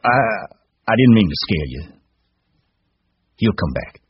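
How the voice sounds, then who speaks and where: Lonely bitter stable hand, deep and husky, slow musing talk, played by the male narrator, muffled audio. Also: big pitch swings, no echo, heavily acted. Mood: brooding.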